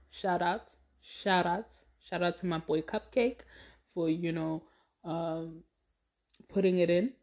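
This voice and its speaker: A woman's voice: lowish voice, darkish tone. A young woman hosting a casual solo podcast, rambling and laughing often, with many likes and restarts. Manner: chatty, rambling, laughs often, says "like" a lot. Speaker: podcast host.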